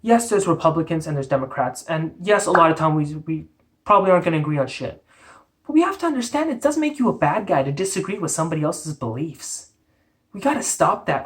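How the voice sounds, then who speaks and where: A woman's voice: lowish voice, big pitch swings, brisk. A woman from Canada, delivering a profane, exasperated, blunt rant on her vlog. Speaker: vlogger. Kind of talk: ranting commentary vlog.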